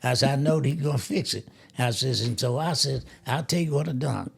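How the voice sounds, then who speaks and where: A man in his eighties, a grandfather, telling a family story in a lively way, laughing as he goes and acting out the quotes. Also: medium pitch, fairly quick, gravelly, slightly rough. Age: 80s. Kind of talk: casual storytelling.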